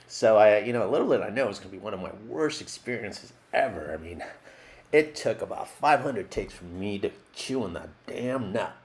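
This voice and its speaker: A washed-up male jackalope actor, played by a man, rambles through a mock documentary interview and keeps losing his train of thought. His voice sits low and rough with a gravelly fry. He talks loosely and wanders off on tangents. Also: animated, normal speed, darkish tone. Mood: rambling. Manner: rambling, loopy, easily sidetracked.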